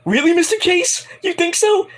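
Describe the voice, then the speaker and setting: A man voicing a nervous, eager young woman wrestler in a high, squeaky falsetto, timid and pleading. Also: moderate pace, a bit bright. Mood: hopeful.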